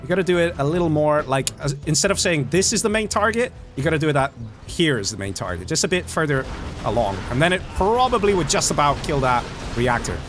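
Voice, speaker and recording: A man casting a live strategy game, excitable and chatty, joking with his chat. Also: a little high, fast, music in the background. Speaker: game caster.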